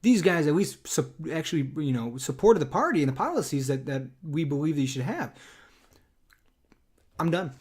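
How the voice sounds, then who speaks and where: A man's voice: on the high side, big pitch swings, normal speed, darkish tone, slightly rough. A man co-hosting a casual political podcast, rambling with many restarts and frequent laughter. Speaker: podcast co-host.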